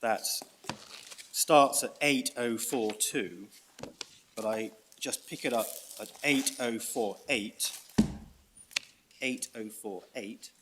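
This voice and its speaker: A British man arguing a case in court as a barrister, reading out evidence and stressing key words in a measured way. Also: mid-range voice, background noise. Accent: British English. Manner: measured, reads out evidence with emphasis. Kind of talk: courtroom legal argument.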